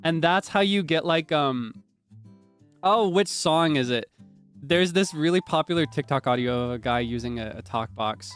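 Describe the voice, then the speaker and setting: Young man, streamer, casual rambling chat, slightly high voice, faint music behind. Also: lively intonation, moderate pace, fairly bright tone, clear, resonant tone. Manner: rambling, explains with many fillers and restarts.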